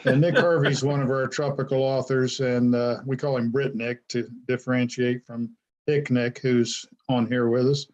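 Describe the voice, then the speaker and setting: A man's voice: medium pitch, steady tone, moderate pace, darkish tone. A man hosting a podcast who chats in a loose way, reading out viewer comments and laughing at his own remarks. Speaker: podcast host. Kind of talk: podcast interview.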